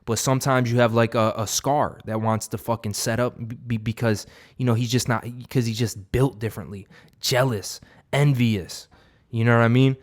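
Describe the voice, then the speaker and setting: A man's voice: mid-range voice, a little mellow. A young man giving an unscripted, profane motivational monologue as a vlogger, rambling with many fillers and restarts.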